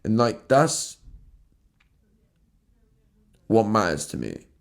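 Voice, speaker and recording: A man hosts his own solo podcast, talking earnestly and emotionally after crying, often stumbling, restarting words, and swearing casually. His voice is low and gravelly, very animated yet extremely slow.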